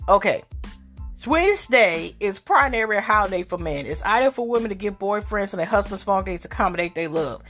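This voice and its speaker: A woman's voice: mid-range voice, lively intonation, a little fast, a bit bright, soft background music. A woman hosting a casual solo podcast, talking in a rambling, slangy way with many fillers and restarts. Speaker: podcast host.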